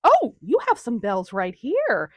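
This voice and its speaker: A woman's voice: on the high side, huge pitch swings, takes it slowly, no echo, studio quality, heavily acted. A woman voicing a bawdy, teasing female ghost over a century old, in a comedic audio drama. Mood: gleeful. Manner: crude, teasing, mocking.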